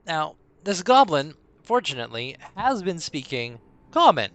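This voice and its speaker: A man's voice: fairly high pitch, big pitch swings, measured pace, fairly bright tone. A man narrating a tabletop game as game master on a live stream, rambling, with many fillers and restarts.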